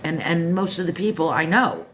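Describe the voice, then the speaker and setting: An older woman from Florida with a low, deep voice, hosting her own show and chatting casually about a book, self-joking and talking straight to listeners. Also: expressive, moderate pace, slight background noise. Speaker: show host reviewing a book. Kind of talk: casual rambling monologue.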